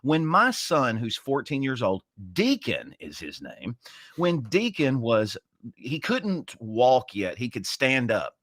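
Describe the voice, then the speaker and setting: A man in his forties co-hosting a casual chat, telling a story with passion and sharp emphasis. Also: medium pitch, wildly swooping pitch, slow pace, no room sound. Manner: impassioned, storytelling with emphatic swings. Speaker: co-host.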